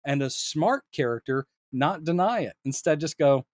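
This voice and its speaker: A man co-hosting a casual film discussion podcast, animated and quick to act out lines he quotes, laughing often. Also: fairly high pitch, dry recording, studio quality. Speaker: podcast co-host.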